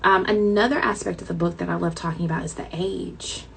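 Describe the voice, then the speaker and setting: A woman's voice: lowish voice, fairly even intonation, brisk, creaky, slight background noise, rough recording. A woman author chatting casually to her viewers with a light Southern twang, dramatic and talkative, calling them y'all.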